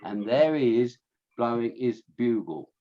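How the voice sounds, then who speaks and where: A lecturer on scouting history with a Fenland accent gives an illustrated talk to an audience, his medium-pitched voice expressive at a moderate pace. He's chatty, restarting lines and making asides to listeners, and the recording's highs are cut off.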